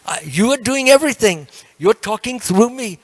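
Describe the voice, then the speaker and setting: A man voicing a humble older male sage in a put-on accent, meek and halting. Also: very high-pitched, lively intonation, pitched above the performer's own voice. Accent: put-on accent, unnamed.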